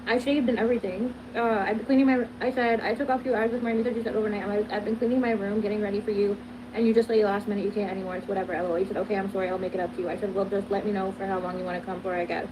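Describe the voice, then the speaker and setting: A woman's voice: medium pitch, fairly even intonation, racing. A young woman recounting a text exchange in casual, exasperated storytelling. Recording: noisy background in the clip.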